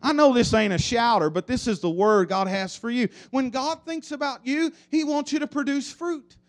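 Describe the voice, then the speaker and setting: A man's voice: extremely high pitch, moderate pace. A man preaching a sermon in church, leading the congregation in repeated call-and-response refrains.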